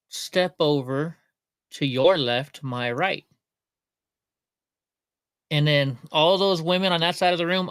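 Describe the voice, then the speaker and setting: A man's voice: on the high side, a bit bright, no room sound, studio quality. A middle-aged man from Alaska hosting a casual livestream, rambling and joking as he reads chat comments aloud. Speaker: livestream host.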